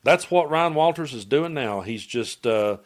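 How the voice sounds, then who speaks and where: A man's voice: mid-range voice, animated, a little slow. Blunt Appalachian man ranting casually. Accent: Southern US, Appalachian. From Tennessee, US. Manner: rambling, blunt, profane storytelling. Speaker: political commentator. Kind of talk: casual political commentary vlog.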